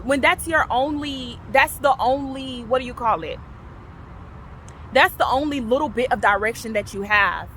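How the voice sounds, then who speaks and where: Woman in her thirties, heated personal testimony, bright high-ish voice, faint traffic behind. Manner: impassioned, repeats herself, swings from loud to low. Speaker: vlogger sharing her testimony.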